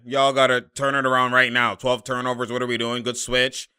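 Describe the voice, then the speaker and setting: Bright, exasperated young man reacting to a game. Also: medium pitch, completely flat delivery, brisk, clean tone. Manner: exasperated, slangy, laughing and shouting at plays. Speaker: sports commentator reacting to a game. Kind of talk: casual live game reaction.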